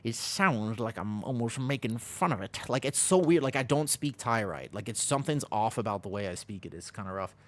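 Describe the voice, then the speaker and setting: A man's voice: medium pitch, brisk, few pauses. Male streamer, loose rambling delivery, pokes fun at himself, answers chat. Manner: rambling, self-deprecating, reads chat aloud. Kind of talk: casual chat with live chat. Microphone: desk microphone.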